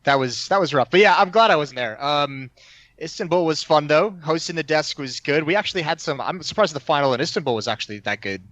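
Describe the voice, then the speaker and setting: A man's voice: a little high, lively intonation, fast talker, a bit bright, muffled recording. A young man who works as an esports commentator and analyst, chatting on a podcast in an upbeat way and laughing often. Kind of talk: casual podcast chat.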